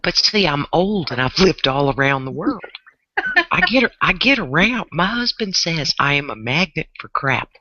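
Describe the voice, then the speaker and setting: A woman in her late fifties from New Orleans, telling stories in a casual, animated way as a panel guest. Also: low-pitched, normal speed, lo-fi sound, noisy background. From New Orleans, Louisiana. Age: 50s. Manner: lively, animated storyteller. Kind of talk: casual storytelling.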